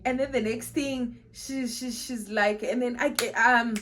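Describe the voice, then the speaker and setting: Young South African woman with a Xhosa accent, vlogger, lively storyteller, slightly high voice. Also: measured pace. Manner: animated, laughing, switching between English and Xhosa. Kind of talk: casual storytelling vlog.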